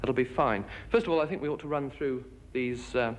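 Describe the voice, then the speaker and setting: A bandleader gives casual, halting directions at a rehearsal. His voice sits at a middle pitch over a faint hiss. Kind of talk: rehearsal instructions.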